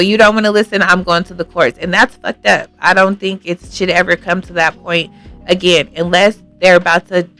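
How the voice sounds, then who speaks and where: A woman's voice: fairly low pitch, a bit bright. Earnest woman hosting an advice show. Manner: earnest, thinks aloud with many fillers. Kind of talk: casual advice talk, reading viewer comments.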